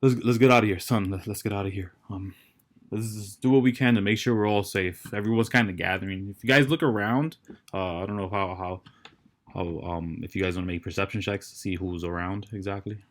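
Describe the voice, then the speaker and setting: A man narrating as dungeon master, halting and restarting as he describes the scene. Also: low voice. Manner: halting, many fillers and restarts. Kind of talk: narrating a tabletop game.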